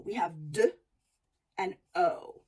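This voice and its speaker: A woman's voice: lowish voice, takes it slowly, mellow, breathy edge, distant mic, low-quality recording. A woman teacher explaining how to teach spelling to other teachers, stretching and calling out words to show their sounds. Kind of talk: instructional talk to teachers.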